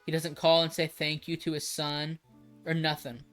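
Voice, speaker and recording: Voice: mid-range voice, monotone, moderate pace, a bit bright, soft background music. A livestreamer chatting casually, rambling and emphatic with frequent restarts and swearing.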